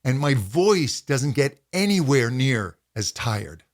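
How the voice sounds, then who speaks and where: A middle-aged man teaching a voice lesson as a vocal coach, calmly explaining and demonstrating hums and pitch slides. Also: slow pace.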